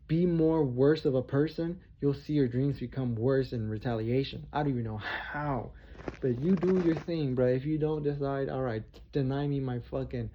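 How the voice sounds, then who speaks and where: A man delivering a heated, profane, confrontational monologue rant straight to his viewers, repeating himself for emphasis. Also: medium pitch. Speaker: vlogger. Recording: dull lo-fi recording.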